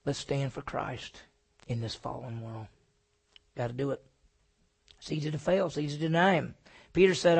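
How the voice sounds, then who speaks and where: A man preaching a sermon, swinging from loud emphatic lines to hushed, near-whispered ones and answering his own questions. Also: on the high side, moderate pace, creaky, husky. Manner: asks the congregation questions and answers them himself. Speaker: pastor.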